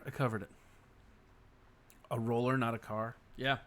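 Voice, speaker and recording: At normal speed and in a medium-pitched, fairly bright voice, a man runs a casual livestream, reading viewers' chat aloud. His replies are blunt and profane, punctuated by constant sighing and yawning.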